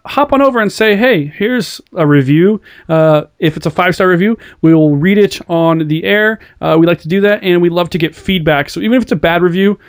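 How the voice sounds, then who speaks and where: A man co-hosting a casual podcast, upbeat and jokey, rambling through show plugs. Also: high-pitched. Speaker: podcast co-host.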